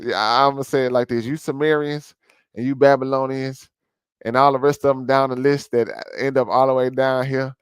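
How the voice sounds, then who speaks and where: A man with a smooth, medium-pitched voice hosts a vlog, ranting and preaching over a video he's playing and addressing his listeners as family. The recording is rough but has no echo.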